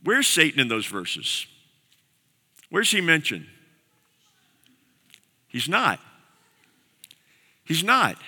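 A man's voice: on the high side, wildly swooping pitch, extremely slow, long pauses, sharp tone, slightly rough. A man preaching a sermon as pastor, earnest and repeating key phrases for emphasis. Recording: long reverb of a large hall.

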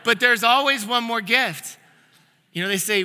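A male pastor with a fairly high, very bright and forceful voice delivers a conversational sermon. He tells stories earnestly, often restarting his sentences. His voice rings with the long reverb of a church sanctuary. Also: normal speed. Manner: earnest storytelling with frequent restarts.

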